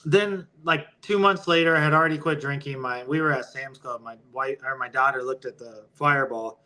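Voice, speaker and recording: A man's voice: mid-range voice, a little fast, sharp tone, poor audio. A man talking as a podcast guest in a loose, casual way with many fillers. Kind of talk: casual interview chat.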